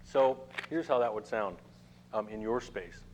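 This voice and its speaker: A man's voice: lowish voice, a little slow, a little mellow, slight background noise, low-quality recording. A middle-aged man teaching a networking workshop to a live room, talking casually and checking in with "okay?" often. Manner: conversational, addresses the room with frequent "okay?" check-ins. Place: meeting room with a small audience.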